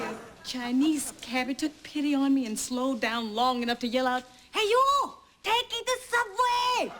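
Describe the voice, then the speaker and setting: An actress playing a sharp-tongued, middle-aged single mother of three with sarcastic, theatrical outbursts. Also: high voice, natural voice. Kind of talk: sitcom acting. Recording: loud noisy TV recording.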